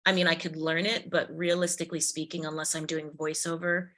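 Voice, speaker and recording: A woman actress, a podcast guest, chatting casually in an interview and telling stories in an animated, expressive way. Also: sits low, a little fast.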